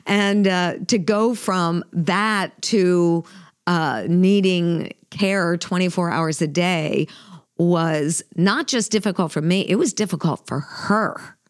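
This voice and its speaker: A woman's voice: on the low side, slow pace, no room sound, clean studio sound. A middle-aged woman on a faith podcast, telling a personal story in an earnest, emotional way with frequent fillers and restarts. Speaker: podcast co-host. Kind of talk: heartfelt conversational storytelling.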